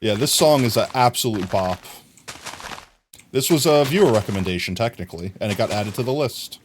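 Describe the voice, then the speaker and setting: A young man streaming live, chatting casually and thinking aloud as he builds in a game, playful and quick to laugh at himself. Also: lowish voice, expressive, a little hiss or hum.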